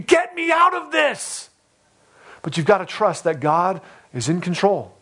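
High-voiced impassioned male preacher. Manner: impassioned, rising loud in acted pleas, with repeated phrases. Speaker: pastor. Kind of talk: sermon.

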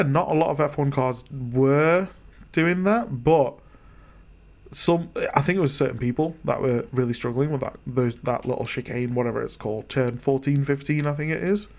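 A man hosting a casual chat podcast, chatty and quick to laugh as he keeps the talk moving. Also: mid-range voice, darkish tone. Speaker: podcast host.

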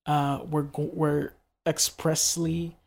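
A man's voice: fairly high pitch, flat delivery, slow, gravelly. A man from New York in casual chat, telling loose jokey stories with plenty of fillers. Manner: laid-back, joking, loose storytelling with fillers.

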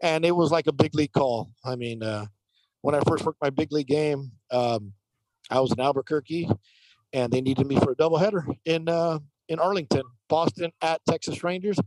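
A man who works as a professional baseball umpire, telling lively stories in a casual interview with many fillers. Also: on the high side, a little fast, no echo, poor audio. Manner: animated anecdotal telling, frequent fillers.

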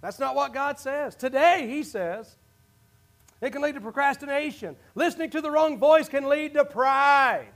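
A man with a very high voice delivers a sermon as the pastor, preaching with passion. He swings from near-shouted declarations to hushed, low asides. It sounds like a church service in front of a congregation. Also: moderate pace. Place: church sanctuary.

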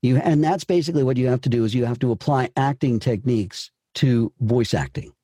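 A man's voice: medium pitch, fairly quick, mellow, dry recording, studio quality. A man explaining voice-acting technique in an emphatic teaching manner, posing rhetorical questions. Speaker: voice-over coach. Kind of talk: conversational interview.

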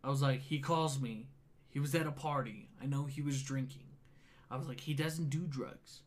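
A man's voice: medium pitch, normal speed. Profane man retelling a wild night. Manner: profane, animated retelling with quoted dialogue. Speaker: storyteller. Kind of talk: casual storytelling chat.

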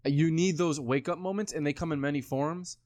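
A man's voice: fairly high pitch, a little fast, darkish tone, no room sound. Rambling young man who swears a lot. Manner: rambling, heavy swearing, lots of "like". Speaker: podcast co-host. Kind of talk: casual chat.

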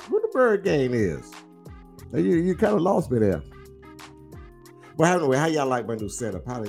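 Lively trash-talking man with a drawl. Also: lowish voice. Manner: animated, teasing, drawling, repeats himself. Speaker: livestream host. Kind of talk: casual football smack talk.

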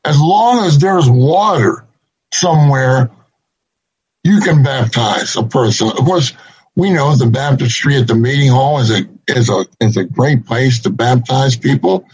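A man preaching a sermon to his congregation, slow and deliberate, repeating key phrases for emphasis. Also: medium pitch, darkish tone, breathy edge. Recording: dull lo-fi recording.

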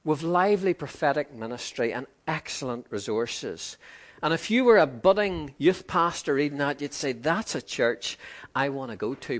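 A man preaching a sermon in a conversational way, acting out quoted voices. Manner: conversational, acts out quoted voices with lively pitch swings.

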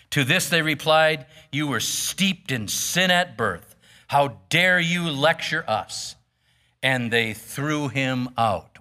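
Bright-voiced pastor reading scripture. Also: male voice, medium pitch. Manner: reads verses then explains with casual fillers. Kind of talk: sermon reading and explaining scripture.

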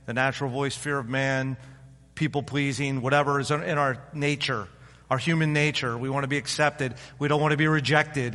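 Fifty-something pastor in a reverberant hall. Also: male voice, fairly high pitch, fairly bright tone. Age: 50s. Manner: conversational, acts out voices of others. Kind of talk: informal sermon. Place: church sanctuary.

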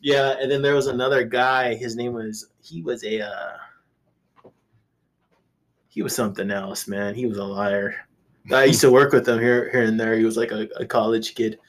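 A man's voice: medium pitch, fairly even intonation, normal speed. A man guest-hosting a podcast, telling rambling, profane anecdotes in casual chat, with restarts and laughter.

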